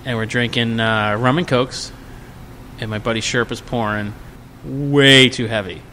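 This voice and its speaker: A man co-hosting a podcast, telling a drinking story in a casual, animated, profane way. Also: medium pitch, measured pace, big-room sound, a little hiss or hum. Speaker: podcast co-host.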